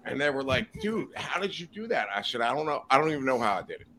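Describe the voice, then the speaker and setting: A man's voice: mid-range voice, very animated, quick pace, sharp tone, slight background noise. A man guest on a casual podcast, telling profane, rowdy anecdotes and acting out the quotes. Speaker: podcast guest, reptile breeder. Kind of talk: casual storytelling chat.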